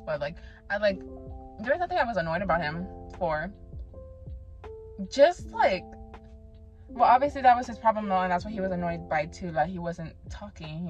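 A woman giving a casual, opinionated spoken book review, chatty and swearing freely. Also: medium pitch. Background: soft background music.

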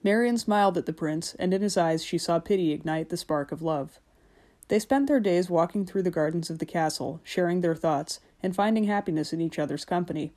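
A woman narrating a fairy-tale audiobook in a measured, gentle storytelling manner. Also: fairly low pitch.

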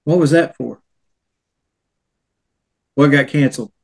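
A man's voice: medium pitch, slow, gravelly. A man, a paranormal investigator, telling a ghost-tour story in casual chat and acting out the people he quotes.

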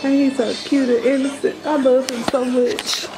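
Young woman vlogger, slightly high voice, casual and chatty, music under her. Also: level tone, moderate pace, rough recording. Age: 20s. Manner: chatty, loose, talks straight to viewers. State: out of breath at times. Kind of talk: casual vlog chat.

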